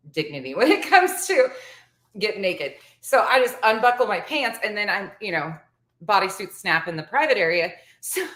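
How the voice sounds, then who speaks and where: A woman's voice: fairly low pitch, fairly bright tone, echoey room. A woman in her forties telling a story to the camera in a chatty vlog, laughing often as she goes. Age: 40s. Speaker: vlogger. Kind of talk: casual storytelling chat.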